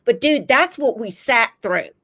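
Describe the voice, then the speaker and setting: Animated, profane woman recapping a show. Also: fairly high pitch, measured pace, gravelly. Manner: animated, profane, rambling retelling. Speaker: podcast co-host. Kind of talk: casual TV recap chat.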